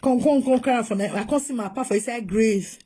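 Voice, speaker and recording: A middle-aged woman from Nigeria, with a Nigerian Pidgin English accent, talks straight to her viewers. She is animated and moves between pleading and scolding. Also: on the high side, fast talker. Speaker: vlogger. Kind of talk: emotional casual monologue.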